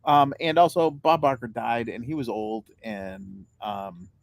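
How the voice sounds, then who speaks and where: A man co-hosting a casual comedy podcast, teasing dryly and pausing on ums. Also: medium pitch, steady tone, creaky. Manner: dry teasing, hesitant with ums. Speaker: podcast co-host.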